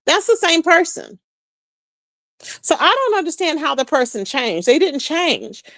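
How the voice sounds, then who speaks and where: A woman's voice: high-pitched, unhurried, dry recording. A woman hosting a casual livestream, sassily commenting on reality-show gossip and greeting chat viewers. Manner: sassy, animated, talks straight to chat viewers. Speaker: livestream host.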